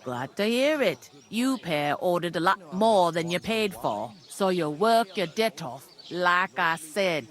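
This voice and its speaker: A blunt village tavern keeper. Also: female voice, lowish voice, animated, slow, hardly any pauses. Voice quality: blunt, no-nonsense. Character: brisk middle-aged village tavern keeper woman. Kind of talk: video game dialogue.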